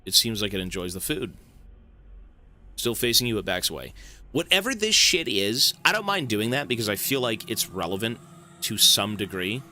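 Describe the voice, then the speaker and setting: A man's voice: on the low side, sing-song, moderate pace, sharp tone, a little hiss or hum. A man giving casual commentary while playing a horror game, thinking aloud and swearing now and then.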